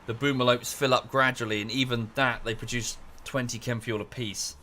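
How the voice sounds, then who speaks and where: A man's voice: medium pitch, fairly even intonation, normal speed, sharp tone, a little hiss or hum. Rambling English man streaming a game. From England. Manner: rambling, self-correcting, chatty with chat. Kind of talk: casual livestream chat over gameplay.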